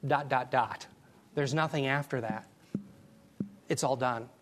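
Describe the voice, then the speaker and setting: A man teaching a Bible class, preaching in an emphatic, animated way and taking questions from the class. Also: medium pitch, measured pace. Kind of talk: sermon.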